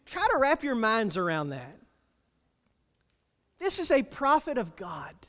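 Preaching from a church sanctuary, a pastor with a very high, highly animated voice speaks emphatically. He stretches out key phrases slowly to give them weight, and his words echo with a long reverb.

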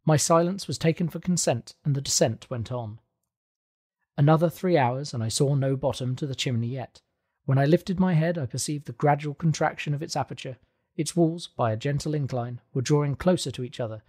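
A man reading a classic adventure novel aloud as audiobook narration, calm and even. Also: mid-range voice, slightly rough. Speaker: audiobook reader. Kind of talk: scripted narration.

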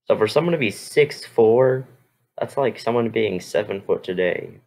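A man's voice: on the low side, expressive, normal speed, creaky, darkish tone, rough recording. A man reacting to a history video with rambling, exclamatory casual asides.

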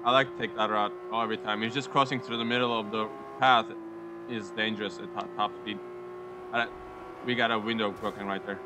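Excitable young man commenting on a racing game. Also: lowish voice, fairly quick, background noise. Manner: excitable, giggly, jokey running chatter. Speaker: gaming YouTuber. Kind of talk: casual gameplay commentary.

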